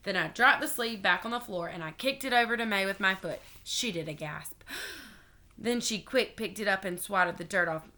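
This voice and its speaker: A woman reading a children's chapter book aloud in an expressive, animated way. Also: medium pitch, normal speed. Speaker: storybook reader.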